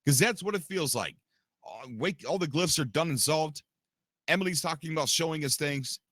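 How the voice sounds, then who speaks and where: A man's voice: a little high, lively intonation, moderate pace, fairly bright tone, no room sound, studio quality. A man hosting a livestream podcast, chatting casually and rambling straight to his viewers. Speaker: podcast host and streamer.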